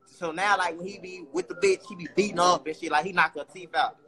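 A man in his twenties, a rapper guest telling stories in a casual interview, animated and boastful, full of profane street slang. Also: high-pitched, fairly quick, soft background music.

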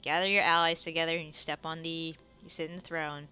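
A woman's voice: low-pitched, flat delivery, brisk, sharp tone, faint music behind. A woman hosting a let's play, chatting playfully and reading the game's dialogue aloud. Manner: playful, reads all characters in her own voice.

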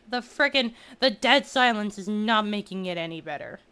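A woman's voice: medium pitch, expressive, measured pace, bright, forceful tone, clear, resonant tone. A woman commenting on a video game as she plays, chatty with exaggerated reactions. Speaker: gameplay streamer. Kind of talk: let's play commentary.

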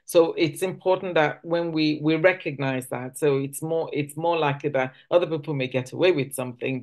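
A woman from Nigeria teaches conversationally during a church service, acting out quoted speech and often beginning her sentences again. Her voice sits low with a darkish tone.

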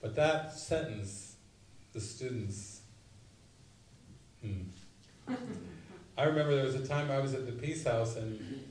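Man, spiritual teacher, storytelling retreat talk, bursts of loud quotes, mid-pitched voice, distant mic. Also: takes it slowly, pauses often. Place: retreat meeting room. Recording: roomy, mic at a distance, faint noise.

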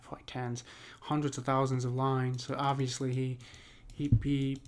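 This mid-range voice is completely flat and moves at normal speed as a poetry teacher casually covers meter. He rambles, restarts often, and repeatedly checks with "right?"

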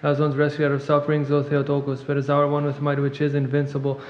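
A man reading a long liturgical hymn in rapid chant at a monastery service, clearing his throat now and then. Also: a little high. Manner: fast monotone recitation, clears throat at times. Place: church. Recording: echoey church, long reverb, muffled.

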